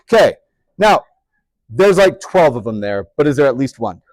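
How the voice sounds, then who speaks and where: A man's voice: mid-range voice, very animated, normal speed, dry recording, studio quality. Male teacher, mid-range voice, chatty classroom lecture with playful asides. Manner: chatty, upbeat, joking asides to students. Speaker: high school math teacher.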